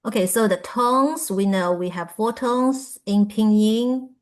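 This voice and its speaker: A woman presenting a pronunciation workshop, reading sound lists aloud with frequent filler pauses. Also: fairly high pitch.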